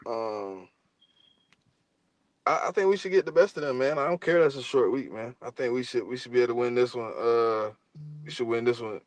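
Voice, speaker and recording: A man's voice: medium pitch, fairly quick, no echo. A man co-hosting a casual sports podcast, talking in a laid-back, slangy way that often trails off. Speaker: podcast co-host.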